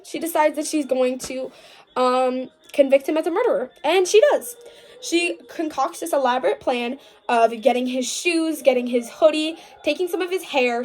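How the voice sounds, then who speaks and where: High-voiced chatty young woman vlogger. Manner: chatty and gushing, with many "like" fillers; dramatic mock outrage. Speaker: book vlogger. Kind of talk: casual book recap.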